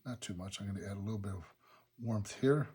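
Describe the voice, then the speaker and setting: Guy with a husky voice talking thru his watercolor painting step by step, laid back. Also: fairly low pitch, quick pace. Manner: relaxed, thinking aloud step by step. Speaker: watercolor instructor. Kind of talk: narrating a painting demonstration. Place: painting studio.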